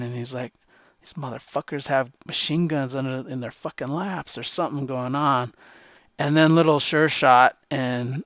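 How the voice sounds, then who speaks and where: Answering a question, a male guest casually retells a war comic's plot, rambling with many fillers, restarts, and profanity. His mid-range voice has a fairly bright tone. The dry recording sounds dull and slightly lo-fi, with no echo.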